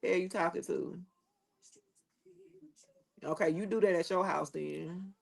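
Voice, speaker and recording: A woman's voice: fairly low pitch, steady tone, a little slow, creaky. Middle-aged woman, rambling live chat. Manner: rambling, emphatic, blunt with swearing; talks straight to viewers. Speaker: live-stream host. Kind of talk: casual live-stream chat.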